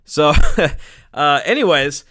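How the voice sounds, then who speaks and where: A man's voice: fairly high pitch, animated, slow pace, bright, forceful tone, no room sound, clean studio sound. A man rambling crudely through closing thoughts on a casual podcast, swearing and laughing as he goes. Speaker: podcast producer.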